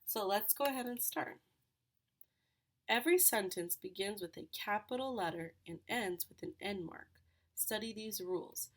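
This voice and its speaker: A woman's voice: medium pitch, animated, normal speed. Patient woman teaching third grade. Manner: patient, explains step by step with questions. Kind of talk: recorded classroom lesson.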